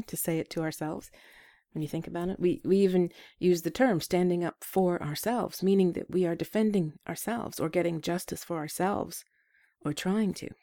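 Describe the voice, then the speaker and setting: A woman hosting an advice show, talking gently and self-deprecatingly, with small laughs between points. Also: lowish voice, dry recording, clean studio sound. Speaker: advice podcast host. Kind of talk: scripted advice talk.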